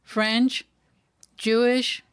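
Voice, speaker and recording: A woman's voice: fairly high pitch, level tone, drawn-out words, smooth, no room sound, clean studio sound. A woman from Puerto Rico hosting an interview, asking curious, probing questions. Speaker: podcast host.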